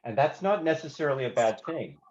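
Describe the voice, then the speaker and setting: A man's voice: medium pitch, animated, brisk, darkish tone, muffled recording, a little hiss or hum. A man leading a songwriting workshop who talks through lyric lines and sings short melodic examples, humming rhythms with nonsense syllables. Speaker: songwriting teacher. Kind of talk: workshop teaching.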